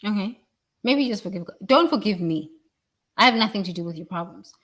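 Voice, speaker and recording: A woman's voice: mid-range voice, expressive, brisk, a bit bright. A woman giving a blunt, preachy motivational talk about work and responsibility, swearing freely. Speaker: leadership speaker.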